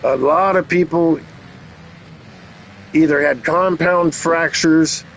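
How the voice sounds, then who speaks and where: Slow, joking race commentator man. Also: a little high, fairly even intonation, slight background noise, rough recording. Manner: jokey, teasing asides between race calls. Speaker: race commentator and channel host. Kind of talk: playful play-by-play commentary.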